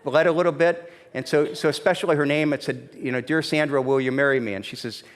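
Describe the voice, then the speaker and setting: A man delivers a sermon in a conversational, storytelling way, stumbling over restarts and then pressing his points with emphasis. His voice sits high for a man. The sound carries the long reverb of a church hall. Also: fast talker. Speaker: pastor. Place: church sanctuary.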